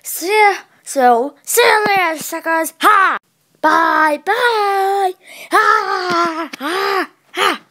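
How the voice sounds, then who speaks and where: A woman's voice: very high-pitched, very slow, sharp tone, voice pushed up, full character voice. A woman voicing a gloating evil villain in a homemade toy-brick movie, taunting the heroes and cackling.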